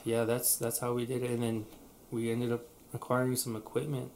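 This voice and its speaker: A man's voice: mid-range voice, monotone, fairly quick, a little mellow, a little hiss or hum. Rambling man, casual podcast co-host. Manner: rambling, frequent restarts and fillers. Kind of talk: casual chat.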